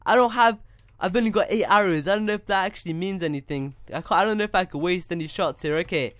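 A young man with a high, bright voice, talking through his gameplay in a loose, excitable ramble. He wonders aloud about each step and keeps calling everyone dude. The sound is very dry and close, with no room sound at all. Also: quick pace, no room sound. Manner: excitable, talks to himself, says dude a lot. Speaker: gaming YouTuber. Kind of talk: casual Minecraft gameplay commentary.

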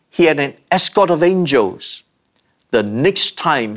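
A man delivers a sermon at an unhurried, deliberate pace. His voice sits a little high for a man, and he builds his points through repeated refrains and long pauses. The delivery is measured and earnest, in the manner of a pastor at the pulpit. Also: a bit bright.

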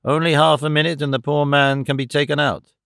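A man's voice: a little high, little pitch movement, brisk, creaky, fairly bright tone, clean tone, dry recording, clean studio sound. A man reading the part of an earnest mayor who urges a crowd in a pressing, pleading way. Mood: urgent. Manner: urgent, pleading.

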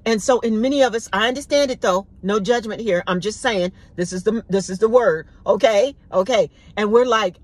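A woman's voice: medium pitch, moderate pace. Woman preaching in a chatty, repetitive way. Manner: conversational, repeats words for emphasis. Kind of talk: informal devotional sermon.

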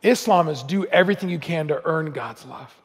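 A man's voice: a little high, fairly quick, husky, long reverb tail. A man giving a sermon as a guest speaker, earnest and building to emphatic outbursts. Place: church sanctuary.

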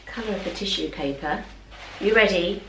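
A middle-aged woman vlogs casually from home, talking to her dog as she unboxes parcels and exclaims again and again. Her mid-range voice moves at normal speed, picked up from a distance in a roomy space with heavy background noise.

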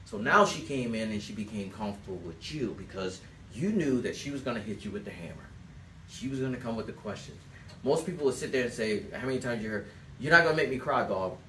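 A man giving a sales coaching talk to a small group, telling stories in a loose, animated way and acting out quotes. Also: fairly low pitch, fast. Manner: animated storyteller, acts out quotes, loose rambling phrasing. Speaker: sales trainer. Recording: echoey room, mic at a distance, faint background noise.

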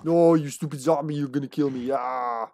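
A man's voice: mid-range voice, fairly even intonation, moderate pace, darkish tone. A man casually commenting on his live gameplay, laughing often, taunting enemies and slipping into a put-on Austrian action-hero accent. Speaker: streamer.

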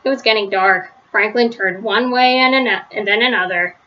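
A woman reading a children's story aloud, gentle, with small slips and restarts, on a slightly lo-fi recording. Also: medium pitch, moderate pace. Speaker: storybook reader.

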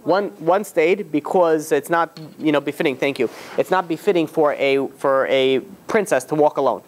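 In a normal-speed, fairly high-pitched voice, a rabbi runs a casual class. He tells a story in a chatty way, acting out what the characters say, and responds to questions from students in the room.

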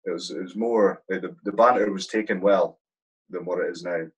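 Deep husky bloke rambling thru army yarns, swears loads, mate this mate that. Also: male voice, fairly even intonation, a little fast, poor audio. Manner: swears often, says "mate" constantly; rambling, with many "like" fillers. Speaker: podcast guest, army platoon sergeant. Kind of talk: casual storytelling.

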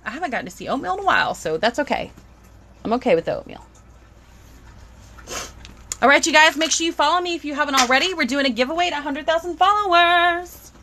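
A woman's voice: high voice, animated, fast talker, pauses often, pushed and bright, slight background noise. A young woman, chatting bubbly on a live stream as she unboxes toys and greets viewers.

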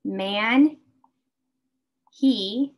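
A woman teaching a beginner English class, speaking slowly and carefully and repeating words for her learners. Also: a little high. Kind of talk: slow beginner English lesson.

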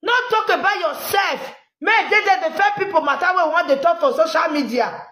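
A high-pitched woman speaks with a Nigerian Pidgin accent, her voice bouncing around an echoey room. She delivers lively, scolding online commentary, laughs often, and keeps chanting at viewers to like and share. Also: normal speed. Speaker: commentary vlogger. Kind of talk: live social media commentary.

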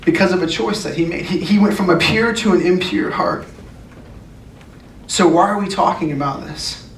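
Male youth pastor, high voice, earnest sermon, recorded from afar in an echoey room. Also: moderate pace. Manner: earnest, emphatic, repeats phrases. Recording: echoey room, distant mic, faint noise.

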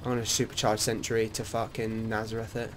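Excitable young gamer guy. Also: lowish voice, a little fast, slight background noise. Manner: excitable, swears freely, laughing banter. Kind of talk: casual gaming commentary.

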